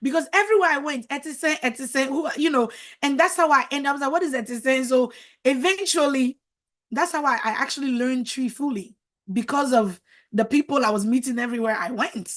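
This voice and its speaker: A woman from Ivory Coast, a marriage coach telling a chatty, animated personal story straight to her viewers, checking in with them as she goes. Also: high-pitched, brisk. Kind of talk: casual storytelling to camera.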